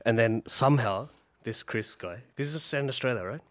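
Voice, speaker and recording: A man's voice: mid-range voice, brisk, a bit bright, no room sound. A man co-hosting a casual podcast chat, telling a rambling story and acting out characters' lines. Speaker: podcast co-host.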